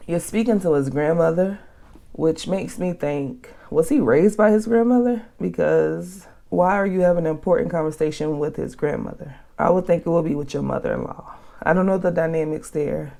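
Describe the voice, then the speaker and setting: A woman hosts a reaction vlog and hands out blunt advice in a lowish, gravelly voice. Her tone is dark and mellow, and her delivery is animated and full of casual slang. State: out of breath. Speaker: channel host. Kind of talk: reaction commentary to a reader's post.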